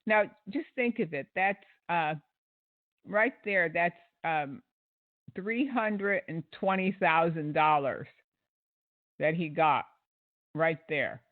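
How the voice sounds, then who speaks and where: A man hosts an online show and delivers critical commentary in a fairly high voice. He talks in an indignant, sarcastic way, with frequent ums and restarts. The sound is dry and thin, like a phone line. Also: slow pace, pauses often, dry recording. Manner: indignant, sarcastic, many fillers.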